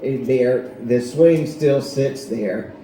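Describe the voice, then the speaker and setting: A man gives a heartfelt tribute in a slow, repetitive way. His voice rings in a roomy space. A faint background hum stays under it. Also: medium pitch, dark tone. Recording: echoey room, faint noise.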